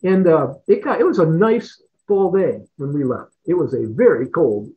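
A middle-aged interview guest, formerly a fighter pilot, tells casual stories in an expressive, rather high voice at a moderate pace. He rambles with repeated words and frequent chuckles, and the audio sounds tinny like a phone call.

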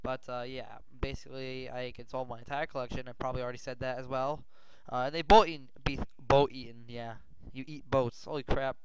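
A male gaming host giving rambling gameplay commentary, often yelling and swearing in panic. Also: mid-range voice, brisk, slight background noise. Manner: rambling, excitable, yells and swears when panicked. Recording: dull lo-fi mic.

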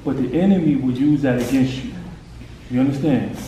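A man's voice: medium pitch, a little fast, warm tone, muffled recording. A man coaching a boy in a hands-on faith session, urgent and encouraging, pushing him on with short commands. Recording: echoey room, distant mic, noisy.

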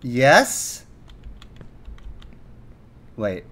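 Man, gameplay commentary, lively swooping pitch, self-mocking, sudden yelps. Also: extremely slow. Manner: excitable, bursts into yelps and shouts, self-mocking jokes. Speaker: gaming youtuber.

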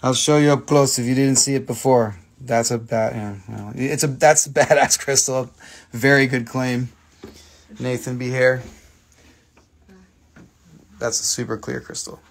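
Gravelly American man, playful host. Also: mid-range voice, steady tone, a little slow, long pauses. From grew up near Washington, D.C. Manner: playful, jokey, swears casually. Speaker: host of a live mineral sales show. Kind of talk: casual live-stream selling chat. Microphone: phone.

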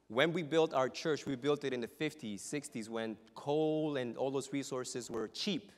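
A man preaching from the pulpit in a mid-pitched voice, telling humorous stories and building to loud, emphatic peaks after quiet, hushed passages. His voice carries a long reverb tail from the church hall around him. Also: normal speed, few pauses. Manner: dramatic, shifting from hushed to loud; humorous storytelling. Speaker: pastor. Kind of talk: sermon. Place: church sanctuary.

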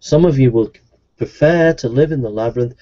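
A man's voice: medium pitch, a little fast, mellow, dull audio. A man preaching a sermon in an earnest, repetitive evangelistic style.

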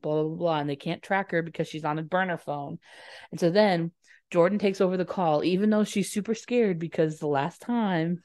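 Chatty low-voiced woman podcast host. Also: a little mellow, dry recording. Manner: chatty, swearing, lots of "like" fillers. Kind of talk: casual movie recap.

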